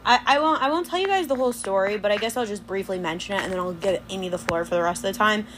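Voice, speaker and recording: A young woman hosting a podcast, telling a dating story in an animated, chatty way. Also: medium pitch, very fast, a little hiss or hum. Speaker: podcast host. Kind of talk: casual chat.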